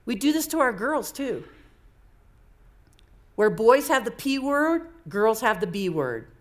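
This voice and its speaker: A woman's voice: on the high side, big pitch swings, takes it slowly. Candid woman telling coaching stories. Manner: candid, conversational, repeats herself. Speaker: coaching speaker. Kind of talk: storytelling talk to an audience.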